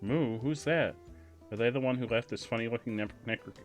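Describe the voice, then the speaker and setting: A man's voice: mid-range voice, a little fast, soft background music. Joking man streaming a game. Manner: joking, reads game text aloud dramatically. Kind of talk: casual gameplay commentary.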